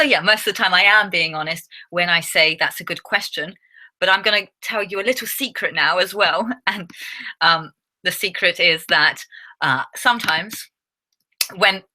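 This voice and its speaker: A young English woman teaching a live online English lesson, chatty and laughing often, halting with fillers and restarts. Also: mid-range voice, sharp tone. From England.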